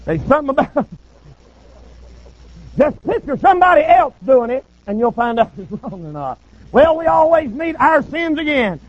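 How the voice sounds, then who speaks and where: A preacher telling folksy, humorous stories in a sermon. His voice is very high and sits on a dull, lo-fi recording. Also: very animated, normal speed, pauses often.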